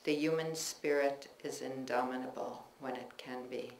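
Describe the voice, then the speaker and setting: A woman's voice: a bass voice, steady tone. Woman reading her essays in an echoey room. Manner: measured, reflective reading with chatty asides between pieces. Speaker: author reading her own work. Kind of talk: public reading of personal essays. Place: bookstore reading room with a live audience. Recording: echoey room recording with faint ambience.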